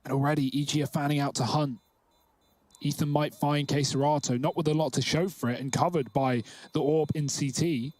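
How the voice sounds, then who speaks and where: A man calling live esports play-by-play, quick and chatty as he breaks down tactics. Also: fairly high pitch, fairly even intonation, darkish tone. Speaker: esports caster.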